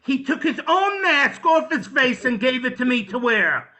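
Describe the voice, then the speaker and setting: A man doing a stand-up comedy set over a video call, dropping to hushed storytelling and then shouting the punchlines. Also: extremely high pitch, sing-song, unhurried. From New Jersey, US.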